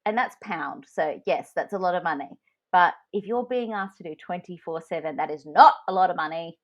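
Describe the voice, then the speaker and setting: A woman's voice: on the low side, fairly quick, muffled recording. A woman co-hosting a podcast in casual chat, telling frank stories from her own work life. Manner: candid, frank storytelling. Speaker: podcast co-host.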